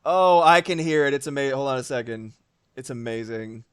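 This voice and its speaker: A man chatting casually on a live stream while he draws, animated and swearing freely, with quick asides. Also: medium pitch, clean tone.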